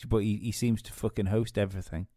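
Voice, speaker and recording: A man's voice: lowish voice, steady tone, fast, warm tone, no echo. A man co-hosting a podcast in casual comic chat, swearing freely and often restarting his sentences. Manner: sweary, hesitant restarts, dry humour. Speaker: podcast co-host.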